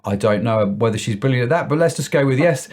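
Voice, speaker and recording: A man's voice: mid-range voice, lively intonation, quick pace. A man hosting a podcast over a video call, bantering and joking, with lots of "uh" hesitations. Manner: warm joking banter, many "uh" fillers. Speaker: podcast host. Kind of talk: casual video-call chat.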